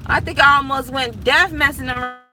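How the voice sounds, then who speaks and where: A woman's voice: high voice, steady tone, fairly quick, bright, forceful tone, faint music behind. A young woman and property manager chatting casually to her viewers, telling stories with frequent laughter, from a parked car on her phone. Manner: chatty, storytelling, laughs often. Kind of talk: casual live chat to viewers. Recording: street noise from outside the car.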